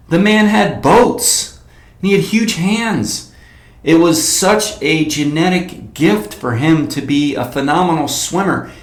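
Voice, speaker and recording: A man's voice: high-pitched, vocal fry. A man hosting a fitness podcast, talking casually and bluntly with lots of fillers and rambling asides. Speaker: fitness coach and podcast host. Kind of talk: casual solo podcast talk. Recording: roomy echo.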